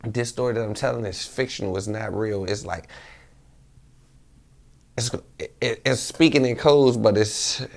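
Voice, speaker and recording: Gravelly man telling a street story. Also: on the low side, a little slow, long pauses. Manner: animated, rambling, repeats himself, slang-heavy. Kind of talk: casual storytelling to camera.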